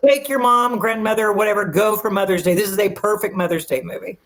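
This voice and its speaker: A woman's voice: medium pitch, fast talker. Enthusiastic middle-aged woman, film show co-host, storyteller, casual chat. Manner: chatty, tells long anecdotes with enthusiasm.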